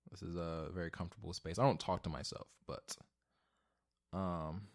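Solo podcast host, man in his twenties, low voice, rambling and profane, goes from mumbling to loud ranting. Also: fairly even intonation, moderate pace. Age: 20s. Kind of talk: casual solo podcast rant. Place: home, alone.

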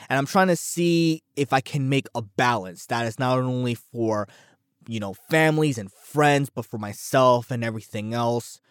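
A man's voice: mid-range voice, no echo, clean studio sound. Rambling man hosting a solo podcast. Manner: rambling, self-deprecating, with frequent repeated words. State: a bit out of breath from overeating. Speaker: podcast host. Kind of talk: casual solo podcast talk.

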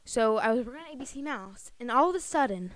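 A woman with a high, clear, smooth voice, co-hosting a casual chat podcast. She tells childhood stories in an animated, giggly way, her pitch bouncing up when she laughs at herself. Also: fast talker. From Pennsylvania. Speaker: podcast co-host.

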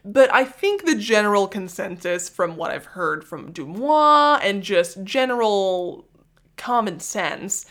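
A woman's voice: mid-range voice, a bit bright. Chatty, sarcastic woman gossip podcaster. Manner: chatty, sarcastic, self-mocking. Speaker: podcast host. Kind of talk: solo celebrity gossip podcast.

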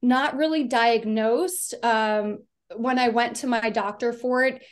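A woman's voice: a little high, fairly even intonation, slow. A woman from the US East Coast, a podcast guest, telling her personal story in a chatty, rambling way full of fillers. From Delaware, US East Coast.

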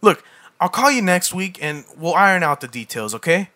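A man playing an evasive absent father in an amateur scene reading, speaking low and offhand. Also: very animated, normal speed, sharp tone, full character voice.

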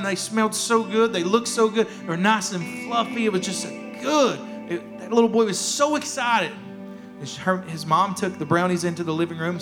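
A man preaching a sermon as pastor, emphatic and repeating his key phrases. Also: high voice. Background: worship music.

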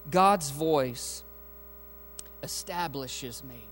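Man, pastor, high voice, emphatic sermon, calls out to the congregation, soft music and mains hum behind. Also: extremely slow. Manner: emphatic preaching with call-and-response asides. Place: church sanctuary.

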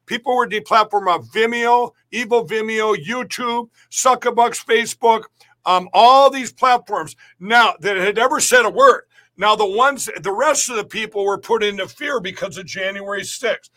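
Middle-aged male guest, high and bright-voiced, rambling, emphatic, restarts a lot. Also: moderate pace. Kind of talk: podcast interview talk.

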